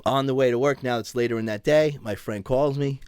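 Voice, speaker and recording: A man's voice: medium pitch, fairly quick, clear, resonant tone, dry recording, studio quality. New man telling wild stories. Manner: animated, acts out voices in his stories. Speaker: podcast guest. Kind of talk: casual storytelling.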